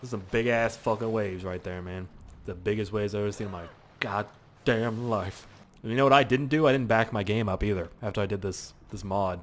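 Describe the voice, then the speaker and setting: Excitable young man narrating his gameplay. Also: fairly low pitch, fairly quick, slight background noise. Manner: excitable and profane, frequent exclamations and laughs. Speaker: gameplay commentator. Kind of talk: casual gameplay commentary.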